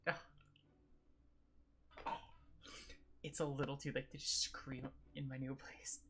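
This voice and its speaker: A woman's voice: extremely low pitch, level tone, a little slow, pauses often, a bit bright, slightly rough. A young woman streaming a video game live, reacting emotionally with gushing commentary and lots of swearing.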